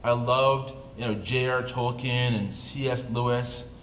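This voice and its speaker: A man's voice: mid-range voice, steady tone, unhurried, fairly bright tone. A man with an upstate New York accent, an author talking casually on a panel to an audience and making self-deprecating jokes. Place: dark indoor event room. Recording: roomy event-room recording, faint noise.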